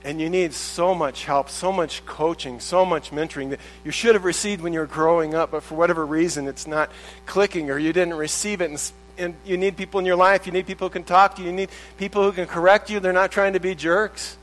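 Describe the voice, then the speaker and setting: A man preaches a sermon in a loose, conversational way, often restarting his sentences and acting out the voices of the people he quotes. His voice sits a little on the high side for a man. A faint hum runs under the recording. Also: fairly even intonation, fairly quick, a bit bright, low-quality recording. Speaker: pastor.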